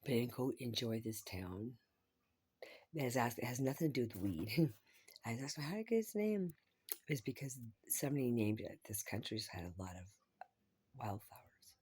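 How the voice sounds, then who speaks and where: A woman's voice: extremely low pitch, normal speed, a little mellow, husky. A woman vlogging in a rambling, profane monologue, often dropping to a whisper.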